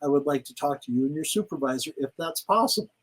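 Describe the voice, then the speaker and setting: An older man, a guest in a casual interview, telling stories in an animated way and acting out quoted lines. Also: a little high, fast talker, breathy edge, rough recording. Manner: animated storyteller, acts out quotes. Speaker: guest, retired pro wrestler.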